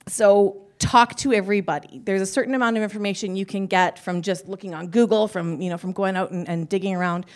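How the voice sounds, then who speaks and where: A woman's voice: mid-range voice, fairly even intonation, brisk, few pauses. A woman panelist at a live conference, talking in a chatty, self-deprecating way and laughing often. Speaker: panelist, business owner.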